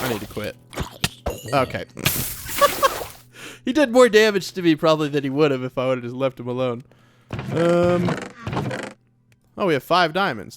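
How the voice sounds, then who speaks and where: A man's voice: fairly high pitch, expressive, moderate pace, pauses often, music in the background. A man hosting a let's play, giving casual gameplay commentary in a chatty, nervous way as he talks to himself. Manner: chatty, nervous self-talk.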